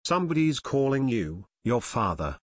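A gruff old small-town mayor in his sixties or beyond, blunt and folksy, as a male narrator voices him. He speaks with lively swings of pitch, and the sound is dry and close. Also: normal speed, no room sound. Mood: urgent.

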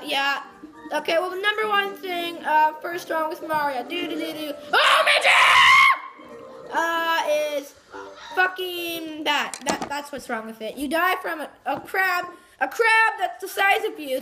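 A woman giving foul-mouthed, mocking commentary over gameplay and breaking into yells. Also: high-pitched, noisy background. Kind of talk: profane ranting game commentary. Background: game music.

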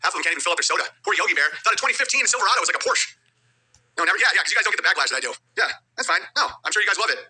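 High, bright, rapid-fire male livestreamer. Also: lively intonation, breathy edge. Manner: rapid, muttering, reads viewer chats aloud. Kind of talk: rambling livestream monologue.

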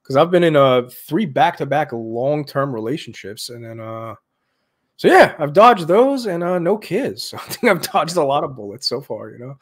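A man's voice: on the high side, very animated, normal speed, slightly rough. A man co-hosting a casual podcast, easygoing and profane, often laughing. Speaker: podcast co-host.

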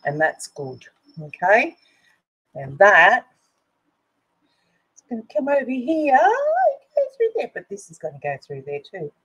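A husky-voiced woman talks her way through a craft project, chatting to herself and her viewers. She speaks slowly, and her pitch sits low but swings about a lot. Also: big pitch swings, a bit bright, lo-fi sound. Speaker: craft video host. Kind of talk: casual crafting commentary.

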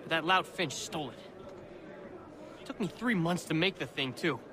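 An actor playing a wry, scheming middle-aged colonial forger locked in prison, in a video game cutscene. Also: male voice, fairly high pitch, lively intonation, moderate pace, crowd noise, close to an everyday voice. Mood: scornful. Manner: wry, sardonic, lecturing.

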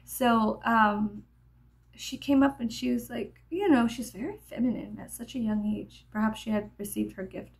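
A woman vlogger telling a meandering story while getting ready, full of fillers and drifting into soft whispers. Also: a little high, vocal fry. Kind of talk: rambling get-ready-with-me storytelling.

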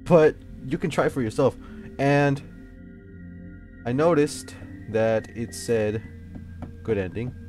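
A man's voice: medium pitch, slow pace, long pauses, darkish tone. A young man commenting on a horror game he is playing, jittery, swearing and talking to himself, with faint music behind. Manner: jittery, swears, yelps and talks to himself when scared. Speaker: gameplay youtuber.

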